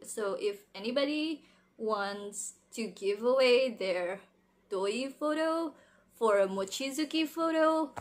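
A young woman chatting casually through an unboxing vlog, very expressive and giggly, squealing with excitement. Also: fairly high pitch, takes it slowly. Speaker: vlogger unboxing wrestling merchandise.

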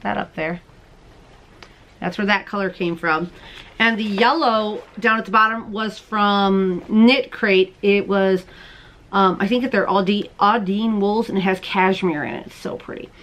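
A woman in her thirties hosting a crochet and knitting podcast, chatting casually to camera at home, bubbly and quick to laugh. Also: medium pitch, fairly even intonation, a bit bright. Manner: chatty, bubbly, laughs often, talks to viewers as "you guys". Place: at home, indoors.

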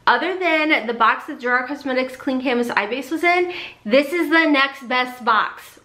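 Excitable lady unboxing makeup, bright tense voice, kinda high, roomy echo. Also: normal speed. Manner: gushing, excitable, says y'all a lot. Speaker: beauty vlogger. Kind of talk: casual unboxing chat.

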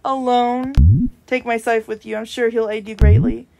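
A woman reading the lines of an old, weary reaper with principles, gentle and formal, over game music. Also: a little high, huge pitch swings, moderate pace, vocal fry, a little hiss or hum, exaggerated voice. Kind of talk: reading game dialogue aloud. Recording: music playing behind.

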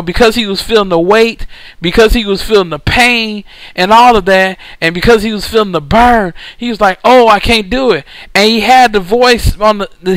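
Guy preaching, high voice, keeps repeating himself for emphasis, dry sound. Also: a bit bright, clean tone, no room sound, low-quality recording. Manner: repetitive, emphatic storytelling. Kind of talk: recorded sermon.

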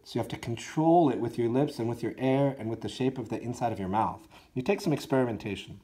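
A man's voice: mid-range voice, fast, dark tone, slight background noise. A man teaching a school band part, counting aloud and singing the notes, with encouraging talk for his students. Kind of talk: instructional walkthrough for students.

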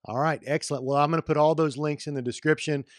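A man's voice: a little high, steady tone, fast talker, dry recording, studio quality. A man hosting an interview, asking questions in a searching, hesitant, friendly way with many restarts. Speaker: interview host.

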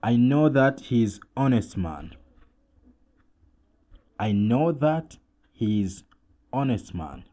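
A man with a Rwandan accent teaching English vocabulary, saying each word twice in a slow, deliberate drill and then translating. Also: mid-range voice, sing-song, dark tone.

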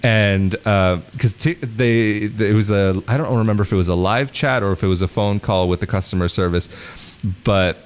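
American host, low-pitched man, chatty, tells stories with a laugh. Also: moderate pace, clear, resonant tone. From United States. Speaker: podcast host. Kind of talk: casual interview chat.

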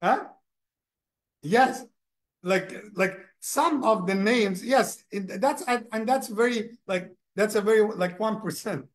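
A man gives a lesson as an imam, speaking in a lively, conversational way. He often repeats words while searching for his point. His voice is high for a man. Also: slow pace. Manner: animated, repeats words, acts out people. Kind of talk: mosque lesson.

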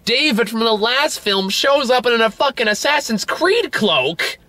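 A man's voice: very high-pitched, big pitch swings, a little slow, bright, forceful tone, no room sound. A man co-hosting a casual movie review chat, rambling with lots of fillers and frequent laughter.

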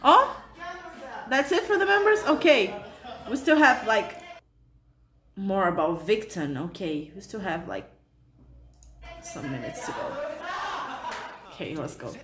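A woman hosting a reaction channel, reacting out loud to a fan video in an expressive, exclamatory, chatty way. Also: medium pitch, measured pace, long pauses, roomy sound, very noisy.

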